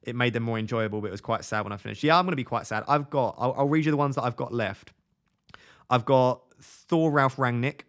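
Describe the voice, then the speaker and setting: Young male streamer, mid-pitched, casual and chatty, answers live chat. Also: a little fast. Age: 20s. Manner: chatty, reads viewer comments aloud and answers them.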